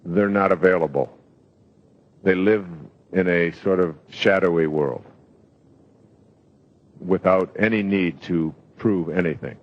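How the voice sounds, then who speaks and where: A man's voice: sits low, slow pace, long pauses, muffled recording. A man giving a live motivational talk, telling stories in a rambling way with fillers. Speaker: self-help speaker.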